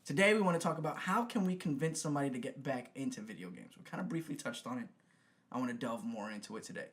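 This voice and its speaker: A man's voice: mid-range voice, animated, fast talker. A man hosting a casual gaming talk show, opening with upbeat energy and stumbling over his words now and then. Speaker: podcast host. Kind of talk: casual chat.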